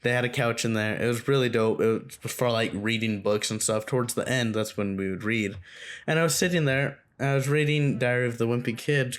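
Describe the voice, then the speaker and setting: A young man recounts a school story in a loose, rambling way. His talk is casual and full of fillers and swearing, and his voice sits at an ordinary mid pitch for a man. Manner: rambling, profane, filler-heavy. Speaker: storytime vlogger.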